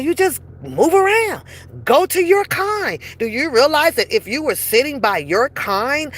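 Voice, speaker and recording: A woman giving a casual, blunt commentary monologue, profane and animated, slipping into acted quotes as she talks. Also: high voice. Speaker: commentary vlogger.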